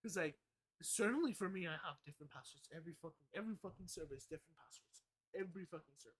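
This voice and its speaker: A man's voice: on the high side, quick pace. A young man rambling through a casual live stream, often correcting himself and swearing freely.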